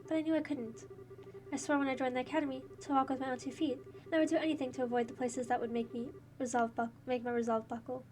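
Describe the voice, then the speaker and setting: A woman reading the earnest inner monologue of a gentle young woman student, with faint game music behind. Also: sits high, little pitch movement, quick pace, recorded from a distance, a little hiss or hum, natural voice. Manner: soft, earnest, reflective.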